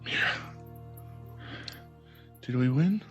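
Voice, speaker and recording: A man voicing an injured young woman who is dazed and weak, speaking in faint, halting phrases. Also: mid-range voice, expressive, a bit bright, faint music behind, voice pushed up. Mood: weak, hopeful.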